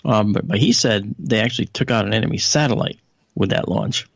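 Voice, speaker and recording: A man with a gravelly voice touched by vocal fry tells anecdotes as a guest analyst in a radio interview, raising his pitch whenever he quotes someone. He speaks conversationally and a little fast, drifting into frequent fillers and asides. The sound is dry and close, with no room or echo.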